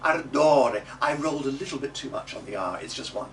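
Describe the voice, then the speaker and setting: A middle-aged man teaching a class how to say Italian words. He models each word slowly for the group to repeat and adds chatty little jokes. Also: medium pitch, expressive, crowd noise. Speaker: early music teacher. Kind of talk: coaching a class in Italian diction. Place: classroom or rehearsal room. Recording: distant mic in a noisy room.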